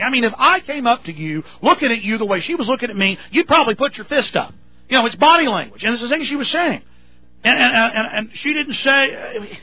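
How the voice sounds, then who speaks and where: A man's voice: extremely high pitch, gravelly, husky, dry recording. A man hosting a talk radio show, telling a story in a rambling, indignant way with many restarts. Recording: tinny phone-like radio sound.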